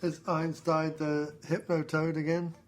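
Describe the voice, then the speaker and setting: A man's voice: fairly high pitch, level tone, a little slow, slight background noise. A man from England, co-hosting a joking film commentary. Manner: joking, chatty, does silly voices. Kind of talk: casual jokey commentary.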